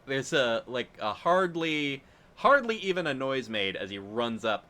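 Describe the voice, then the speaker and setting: Bright-voiced male game master. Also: medium pitch, unhurried. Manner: relaxed, rambling narration with filler words and chuckles. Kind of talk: narrating a tabletop game.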